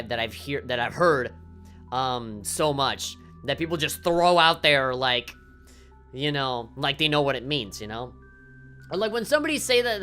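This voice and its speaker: A woman's voice: very deep voice, a bit bright. A woman game streamer ranting on a livestream, swearing often and heated, with lots of fillers.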